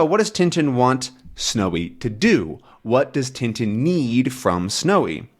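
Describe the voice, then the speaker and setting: A male English teacher who talks slowly and clearly, rephrasing each word for learners. His pitch rises and falls a lot, which keeps his explanations lively. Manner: patient, repeats and rephrases words, animated. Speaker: English teacher and channel host. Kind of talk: slow explanatory language lesson.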